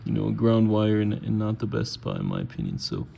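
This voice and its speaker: A man's voice: fairly low pitch, fairly quick, vocal fry, slight background noise. A man casually explaining, step by step, the repairs he is doing on his car while he works in a garage. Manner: relaxed, chatty, explaining step by step. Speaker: car restoration hobbyist vlogger. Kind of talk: casual how-to narration while working on a car.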